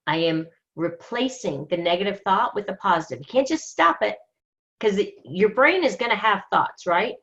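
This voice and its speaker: A woman leading a group coaching session, talking in an emphatic, energetic, motivational way. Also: mid-range voice, moderate pace, highs cut off. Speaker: book study group leader.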